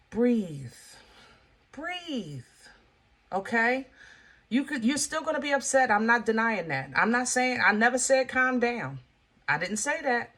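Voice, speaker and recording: A woman's voice: medium pitch, a bit bright. A woman from Pennsylvania giving a casual tarot reading, blunt and emphatic, with frank, folksy speech aimed straight at the viewer. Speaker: tarot reader.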